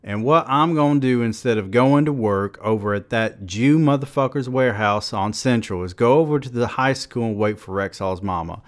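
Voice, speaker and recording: A man's voice: mid-range voice, normal speed, hardly any pauses, voice pushed up, lightly acted. A man voicing an angry, troubled nineteen-year-old who bluntly tells a violent dream in street dialect. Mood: defiant.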